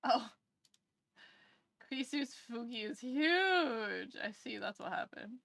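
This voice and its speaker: Sleepy, bright-voiced woman streamer. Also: a little high, animated, slow pace, creaky, dry recording. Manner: sleepy, rambling, talks to chat. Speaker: VTuber streamer. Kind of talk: casual live-stream chat.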